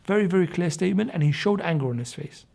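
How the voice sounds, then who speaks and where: A man recounting religious history for a documentary, with an emphatic, forceful delivery. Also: high-pitched, animated, fast talker, gravelly. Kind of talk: documentary storytelling. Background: background music.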